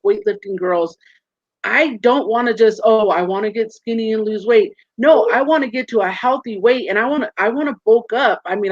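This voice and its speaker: A woman in her forties, a guest in a casual interview, telling stories with lively acted-out quotes over a video call. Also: fairly high pitch, no echo. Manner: animated storyteller, acts out quoted voices. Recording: muffled dry call audio.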